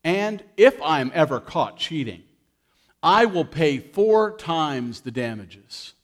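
Apologetic rich male taxman read by a pastor, measured and contrite, slightly high voice. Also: very animated. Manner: stammering, apologetic.

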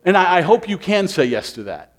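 A man preaching a sermon, animated, acting out people's inner voices with sighing asides. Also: high voice, brisk. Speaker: pastor.

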